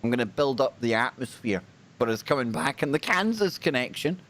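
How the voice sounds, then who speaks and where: A man's voice: medium pitch, a little fast. A man with a British accent hosting a live paranormal stream, talking casually and joking with his audience. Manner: lively, jokey, chatty with the audience. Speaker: host.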